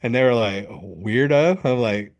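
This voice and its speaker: The audio is dull, but the voice is a middle-aged man's, medium in pitch and measured in pace. A men's coach, he tells an interview story animatedly, acting out quotes and cursing freely.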